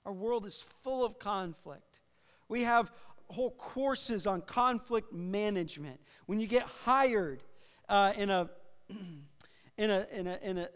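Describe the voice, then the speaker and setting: High-voiced male preacher in a reverberant hall. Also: fairly bright tone. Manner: conversational preaching with audience call-and-response; repeats and restarts phrases. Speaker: pastor. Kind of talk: sermon. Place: church sanctuary.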